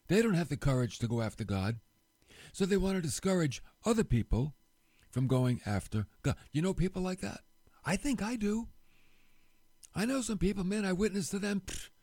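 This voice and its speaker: A man giving a casual sermon, telling a Bible story with rhetorical questions and quick voiced asides. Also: fairly high pitch, a little mellow, no echo. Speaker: preacher.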